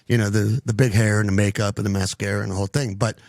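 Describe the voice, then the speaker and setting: A man's voice: lowish voice, flat delivery, fast talker, a little mellow, no room sound. Casting: middle-aged male podcast host, loose rambling delivery, dry close sound. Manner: rambling, many fillers and restarts. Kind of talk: casual chat.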